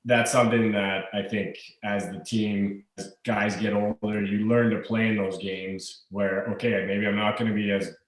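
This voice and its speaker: A man's voice: lowish voice, flat delivery, reverberant, far from the mic, low-quality recording. A man in his thirties, a hockey player guest, chatting easily with lots of fillers and restarts. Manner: easygoing, halting with fillers and restarts. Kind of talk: casual interview chat.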